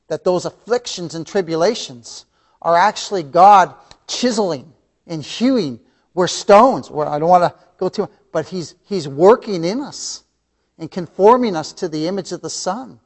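A man teaching a church Bible lesson, impassioned, swinging between loud emphatic lines and hushed asides, often repeating key phrases and calling listeners beloved. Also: on the high side, normal speed. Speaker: Sunday school teacher.

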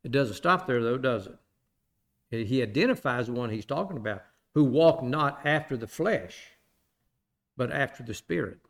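A man's voice: animated, normal speed. Man preaching with emphatic repetitions. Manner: plain-spoken, repeats phrases for emphasis, asks the listeners rhetorical questions; swings between loud emphatic bursts and quiet low asides. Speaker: pastor teaching a Bible study. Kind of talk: sermon.

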